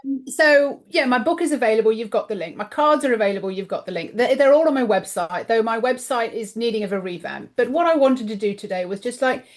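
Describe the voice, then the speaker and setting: A woman guest on a podcast, chatting casually about her coaching work, animated and acting out the voices she quotes, her voice getting a little tired. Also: a little high, fairly quick, few pauses. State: voice tiring, clears throat. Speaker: guest, intuitive coach and author.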